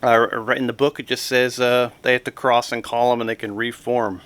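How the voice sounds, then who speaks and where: A man's voice: medium pitch, fairly quick. Rambling man with a throaty morning voice. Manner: relaxed, rambling, many ums and uhs. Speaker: wargaming channel host. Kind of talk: casual solo tabletop game walkthrough. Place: home basement game room.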